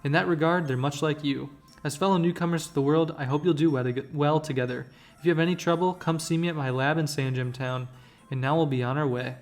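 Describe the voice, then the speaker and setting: A stern older professor from a video game, read aloud by a man, grave and deliberate. His voice sits a little high. Faint game music plays underneath. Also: fairly even intonation, lightly acted.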